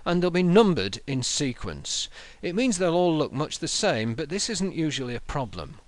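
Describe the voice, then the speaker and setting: A man narrating a software tutorial in a measured, explanatory way, talking through each menu step aloud. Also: mid-range voice, no echo. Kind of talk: screen-recorded software tutorial.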